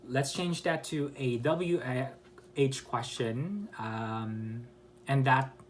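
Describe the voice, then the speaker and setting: Man teaching English intonation, halting. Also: expressive, a little hiss or hum. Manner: explains slowly with many pauses and self-corrections; acts out example questions with exaggerated rising and falling pitch. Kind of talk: online English pronunciation lesson.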